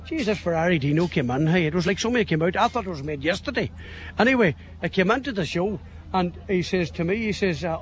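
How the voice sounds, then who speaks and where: A man's voice: sits high, lively intonation, fast talker, a little hiss or hum. A man with a Donegal Irish accent chatting at an outdoor show, rambling from one anecdote to the next. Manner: rambling storyteller, chuckling. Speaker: interviewee, event organiser. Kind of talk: casual chat.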